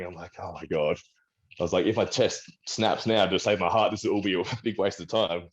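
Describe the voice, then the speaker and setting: A man's voice: low voice, fairly even intonation, normal speed, highs cut off. An Australian man, a strongman and trainer, chatting in an interview and rambling through a story while acting out what the doctors said. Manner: rambling, restarts, acts out quoted doctors. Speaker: guest, strongman and personal trainer. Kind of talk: casual interview talk.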